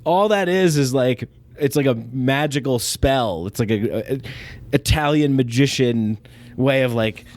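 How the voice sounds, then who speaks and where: A man's voice: mid-range voice, a little slow, a little mellow. A man hosting a comedy podcast, chatting in a loose, profane, riffing way. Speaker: podcast host. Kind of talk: casual comedy chat.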